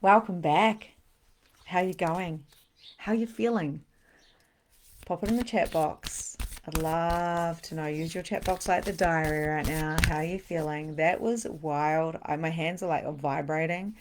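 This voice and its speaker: Lady running a live meditation, soft soothing voice, sits a bit low, middle-aged. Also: steady tone, measured pace, a little hiss or hum. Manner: soft, soothing guiding voice with breathy exclamations. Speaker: spiritual coach leading a live session. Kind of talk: guided meditation and live chat.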